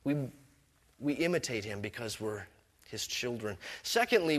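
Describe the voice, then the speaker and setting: A man's voice: mid-range voice, lively intonation, measured pace. A middle-aged man preaching a sermon as pastor, mixing scripture with personal stories in a conversational way. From Canada.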